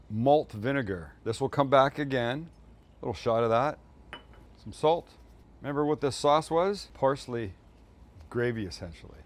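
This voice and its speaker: A middle-aged man hosting a cooking show, talking casually and upbeat while he cooks, with jokes along the way. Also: medium pitch. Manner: chatty, upbeat, jokey.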